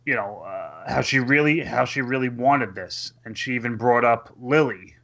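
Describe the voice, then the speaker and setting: A man's voice: mid-range voice, lively intonation, normal speed, creaky, fairly bright tone. A man co-hosting a podcast in casual chat, talking loosely with many fillers and hesitations. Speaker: podcast co-host. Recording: dull lo-fi sound.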